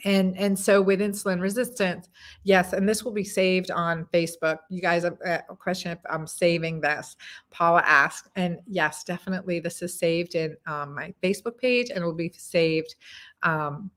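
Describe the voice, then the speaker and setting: A woman's voice: fairly low pitch, steady tone, moderate pace, a bit bright. Chatty woman doctor on a live stream. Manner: chatty, answers viewer comments, many fillers and repeats. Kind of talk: casual live-stream chat. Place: home in Texas.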